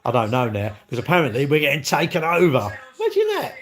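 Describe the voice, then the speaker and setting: A man's voice: mid-range voice, animated, fast talker, fairly bright tone. A man chatting casually on a live stream, rambling and answering viewer comments as he goes. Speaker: livestreamer and car dealer. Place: at work, indoors.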